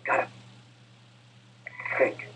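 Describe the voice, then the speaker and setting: An actor voicing a stoic male super-soldier hero in a video game, giving terse, focused callouts. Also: extremely slow. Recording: dull game audio with loud noise.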